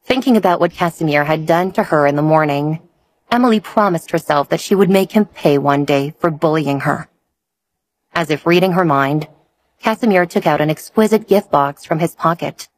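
A woman narrating a romance audiobook in steady storytelling. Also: sits low, moderate pace.

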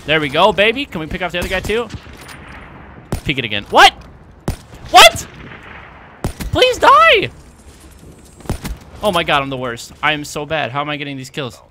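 A young man commentating his video game play, out of breath, excitable and yelling at big moments. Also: a little high, fast, noisy background. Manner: excitable, shouts at big plays, self-mocking. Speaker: gaming YouTuber. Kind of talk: gameplay commentary. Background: game gunfire and explosions.

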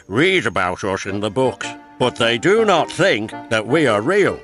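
A man's voice: medium pitch, sing-song, measured pace, fairly bright tone, soft background music. A man doing a pompous stern railway boss. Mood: commanding. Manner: pompous, commanding.

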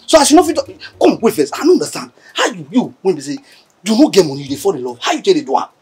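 An actor with a Nigerian accent playing a cheeky young houseboy who mocks and teases in a sing-song way. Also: male voice, sits high, sing-song, racing, a little mellow, husky, exaggerated voice. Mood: mocking. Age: young adult. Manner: mocking, teasing, sing-song. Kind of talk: film acting.

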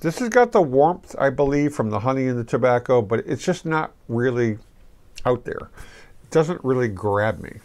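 A middle-aged man giving a casual, rambling fragrance review to camera, relaxed and full of restarts. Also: medium pitch, normal speed.

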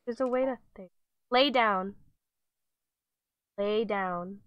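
A woman's voice: medium pitch, slow pace, no room sound, muffled recording. A woman streaming a pet video game, coaxing her virtual dog with giggly, chatty commentary. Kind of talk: casual game livestream commentary.

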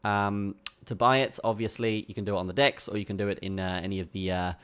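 Worn out after a long day, a man runs through crypto charts on a casual screen recording for his trading channel. His fairly low, clear, resonant voice is fast, flat and fairly bright. He tags line after line with "okay?" or "all right?" and circles back to phrases he's already said.

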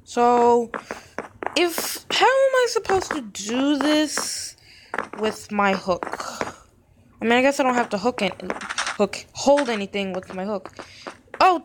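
A woman hosting a gaming video, rambling in character with giggly, self-mocking commentary as she plays. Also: fairly high pitch. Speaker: gaming channel host. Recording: steady background noise.

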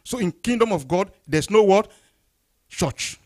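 A pastor delivers a Sunday sermon, tossing out questions and answering them himself. His higher-pitched voice rises loud and then drops low and soft, with a very lively, animated swing. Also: measured pace. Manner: call-and-response questions, rising then dropping low.

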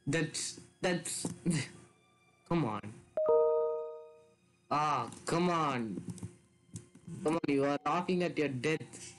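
A man giving excitable, casual commentary while playing a video game, often shouting and accusing other players. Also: on the high side, very slow, long pauses, loud music behind the voice, poor audio. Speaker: gaming video host.

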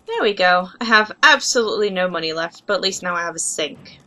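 A young woman giving casual, excitable commentary while playing a life-simulation game, gushing over cute pets. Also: lowish voice, a little fast, soft background music. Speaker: gaming video host.

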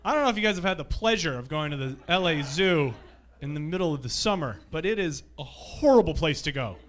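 A man's voice: on the high side, expressive, brisk. A man doing stand-up comedy on a theatre stage, telling loose, profane stories to a live audience. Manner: loose, profane anecdotal storytelling. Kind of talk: stand-up set.

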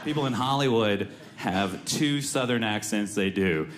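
A man's voice: on the low side, moderate pace, vocal fry, background noise. A man doing a stand-up set, sarcastic and mocking, slipping into put-on voices. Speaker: stand-up comedian.

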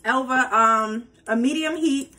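A woman's voice: high-pitched, measured pace, bright, forceful tone, poor audio. A woman hosting a casual cooking tutorial, chatty and playful, talking straight to her viewers. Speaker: cooking vlogger.

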